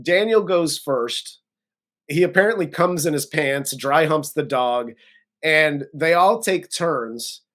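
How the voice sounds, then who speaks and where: A man co-hosting a casual movie review, recapping the story bluntly and laughing often. He has a somewhat high voice and swears freely as he goes. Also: takes it slowly, fairly bright tone. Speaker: co-host of a movie review show. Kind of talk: casual chat, recapping a film plot.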